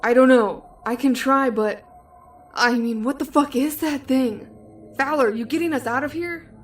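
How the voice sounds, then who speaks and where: A woman's voice: high-pitched, normal speed, soft background music, voice pushed up, natural voice. A woman voicing a frightened male spaceship crewman speaking urgently. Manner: rattled, urgent.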